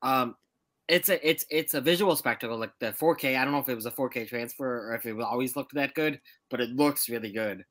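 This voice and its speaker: A man on a movie podcast speaking in an offhand way, trailing off into quiet ums. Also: medium pitch, a little fast. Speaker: podcast panelist. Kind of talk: casual chat.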